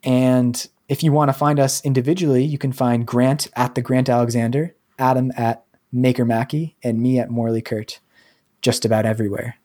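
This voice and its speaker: Rambling podcast host. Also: male voice, mid-range voice, little pitch movement, normal speed, mellow. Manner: rambling, heavy use of 'like' and 'um'. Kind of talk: casual podcast chat.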